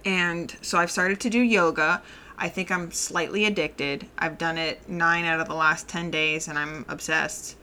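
Bright-voiced woman musing candidly. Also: low-pitched, steady tone, unhurried. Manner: candid and reflective, laughs often. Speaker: mother of a toddler. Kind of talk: casual personal monologue.

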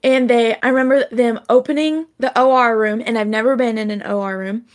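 A young woman telling a story in casual chat, animated and acting out the voices she quotes. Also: on the high side, brisk.

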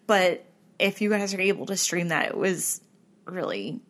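A woman's voice: fairly low pitch, normal speed. A woman in casual conversation, telling a story animatedly and acting out what people said, with many fillers. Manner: animated, acts out quoted people, frequent likes. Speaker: podcast co-host.

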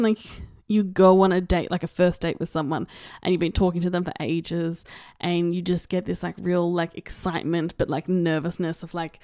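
A woman's voice: fairly low pitch, steady tone, normal speed, a little mellow, no room sound. Chatty young woman, dry close mic. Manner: chatty, rambling, full of likes and asides. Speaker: podcast host. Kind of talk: casual chat.

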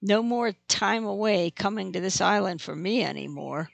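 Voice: mid-range voice, normal speed, vocal fry, dry recording. A narrator voicing a defeated, weary father who mumbles. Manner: mumbling, downcast.

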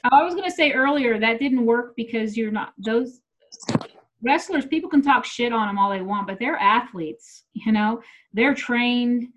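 Over dull audio and slight background noise, a middle-aged woman comedian tells blunt, profane stories in casual, unedited chat. She speaks at a fairly high pitch and a little slowly.

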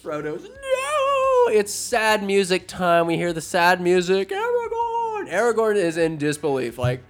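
A man's voice: high-pitched, moderate pace. A man casually retelling a fantasy film for laughs, rambling and profane, with sarcastic asides. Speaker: comedic film recapper. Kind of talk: casual comedic story recap.

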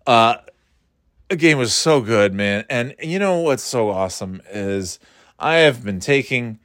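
A man talking sports in a loose, profane, rambling way. He laughs a lot and keeps jumping up in pitch when he gets worked up. His mid-range voice sounds dry and close to the mic, with no room around it. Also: expressive, measured pace, a bit bright, no echo. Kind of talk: casual sports rant.

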